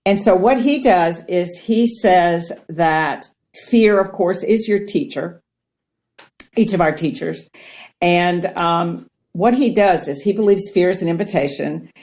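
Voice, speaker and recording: Earnest, animated woman from Ohio, a guest teaching mindfulness, with a low, mellow voice. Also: unhurried. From Ohio, United States. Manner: earnest, animated, acts out quotes. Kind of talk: conversational teaching.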